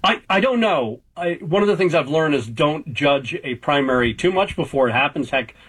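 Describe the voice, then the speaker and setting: A man in his fifties, a political journalist guest, giving measured analysis with hedges and restarts. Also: fairly high pitch, expressive, fairly bright tone, breathy edge, poor audio. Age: 50s. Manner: measured, hedging, frequent restarts.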